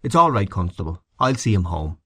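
A man reading a story aloud, voicing a sociable gentleman who greets and reassures a hurt friend in a hearty manner. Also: deep voice, very animated, a little fast, no room sound, clean studio sound, exaggerated voice.

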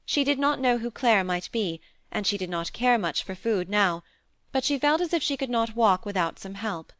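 Female audiobook reader, steady measured narration, mid pitch, dry sound. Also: dry recording. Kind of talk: scripted narration of a classic novel.

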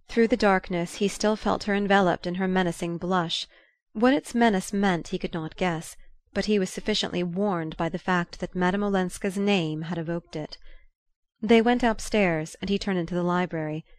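A woman reading a novel aloud as an audiobook narrator, in a measured, even manner. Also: on the low side, no room sound.

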